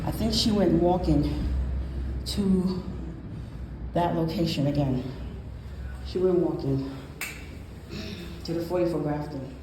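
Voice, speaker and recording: Walking with a cane past the housing buildings, a tired woman films on a handheld phone, speaking in a low-pitched voice at a slow pace with long pauses. She is a public housing tenant, and she repeats her complaints indignantly over a noisy background.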